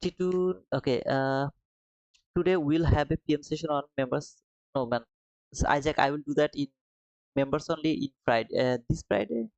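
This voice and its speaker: A man's voice: on the high side, darkish tone, dry recording, rough recording. A man hosting a live trading stream, reading viewers' comments aloud and answering them in a friendly, casual way, calling them brother and man.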